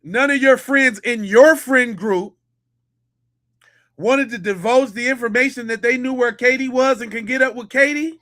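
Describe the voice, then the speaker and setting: A man's voice: very high-pitched, moderate pace, a bit bright. A middle-aged man hosting a podcast, giving mocking, incredulous, slangy commentary on a clip.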